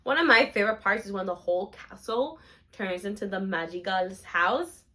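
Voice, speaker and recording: Bright-voiced, gushing young woman vlogger. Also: medium pitch, moderate pace. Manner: gushing, emotional, bubbly. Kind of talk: excited theme park vlog chat.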